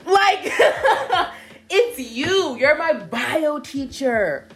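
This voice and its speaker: A woman's voice: high-pitched, extremely slow. A young woman casually telling a story, laughing and acting out what people said. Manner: animated, laughing storytelling with acted-out quotes. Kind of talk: casual chat.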